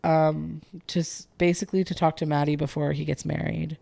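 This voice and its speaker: A woman's voice: sits low, level tone, fairly quick, creaky, warm tone, no echo. A young woman co-hosting a podcast, recapping a film in casual chat, saying "like" all the time. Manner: chatty, fillers "like" constantly, acts out lines from the film. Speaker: podcast co-host.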